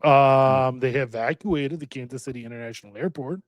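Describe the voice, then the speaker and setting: A man's voice: mid-range voice, normal speed, dry recording, lo-fi sound. A man co-hosting a casual podcast chat, talking hesitantly with many ums while he looks things up. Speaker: podcast co-host.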